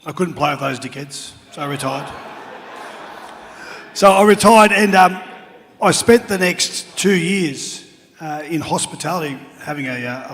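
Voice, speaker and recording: A man's voice: a little high, in a large hall. A middle-aged Australian man telling funny stories as a guest speaker at an awards night. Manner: jokey anecdotes with acted-out shouts. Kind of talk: after-dinner storytelling.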